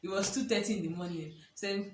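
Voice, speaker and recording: A young woman telling a personal story in casual chat, animated and laughing often as she acts out what people said. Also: medium pitch, fast, slight background noise. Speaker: vlogger. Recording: echoey room, a bit far from the mic.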